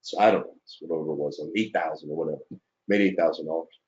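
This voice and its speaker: A man's voice: extremely low pitch, rapid-fire, darkish tone, highs cut off. A man presenting his trading story to fellow students in an earnest, emotional way, with lots of fillers and asides. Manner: earnest and emotional, filler-heavy, checks in with "right?". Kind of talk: casual webinar presentation.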